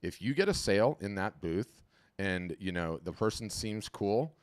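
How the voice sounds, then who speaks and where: A low-voiced man hosts a live webinar over a video call from home, his mic close and dry. He talks in an animated, chatty flow, often repeating himself and restarting sentences as he gives his feedback on the fly. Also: normal speed, no room sound. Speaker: webinar host auditing artist profiles. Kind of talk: casual live webinar commentary.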